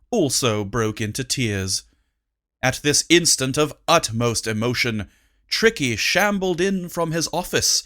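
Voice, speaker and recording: An audiobook narrator reading a comic storybook in a measured, unhurried way. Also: medium pitch, fairly bright tone.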